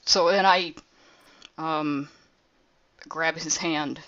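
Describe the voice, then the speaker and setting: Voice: medium pitch, fairly even intonation, extremely slow, bright, forceful tone, slight background noise. Blunt player on a dull recording. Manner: blunt, plain-spoken. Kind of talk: casual table talk.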